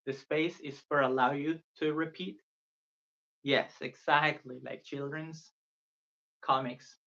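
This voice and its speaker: The Spanish tutor's voice is a little high, slow and creaky, pushed and bright, with fairly even intonation, heard through dull lo-fi sound. Teaching beginners on a live stream, he patiently and earnestly repeats phrases for viewers to echo.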